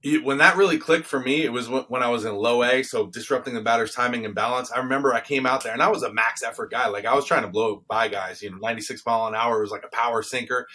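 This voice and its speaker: A young man, a guest coach in a casual interview, telling stories in an animated way. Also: mid-range voice, fast, few pauses. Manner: animated storyteller.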